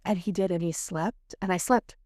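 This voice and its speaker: A middle-aged woman sharing a personal faith testimony as a guest, telling it in an earnest, animated way with many "like"s. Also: on the low side, moderate pace, no room sound, studio quality.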